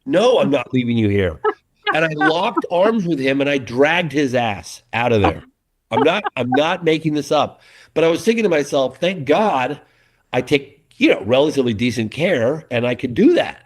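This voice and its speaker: A middle-aged documentary filmmaker chatting as a guest in an interview, an animated and earnest storyteller. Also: male voice, fairly high pitch, moderate pace. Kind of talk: casual interview chat.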